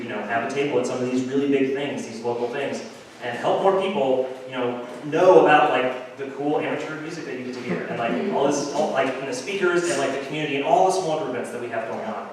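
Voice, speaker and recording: A man's voice: mid-range voice, a little fast, a little hiss or hum. A man giving a casual, unscripted appeal for donations at a community assembly, rambling with many fillers and restarts. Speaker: assembly speaker asking for donations. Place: large hall at a community assembly. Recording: echoey hall from far off.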